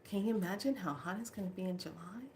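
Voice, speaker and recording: A woman's voice: medium pitch, fast talker, a little hiss or hum. A woman from California, a spiritual consultant and author, chatting casually and rambling through stories with frequent laughs. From California, United States. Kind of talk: casual livestream chat.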